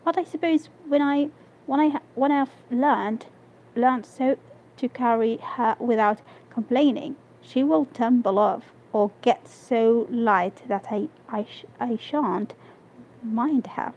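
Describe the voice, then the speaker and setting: A woman reading the lines of a restless tomboyish teenage girl, halting and stumbling over words. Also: on the high side, a little mellow. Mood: wistful. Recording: dull lo-fi stream audio.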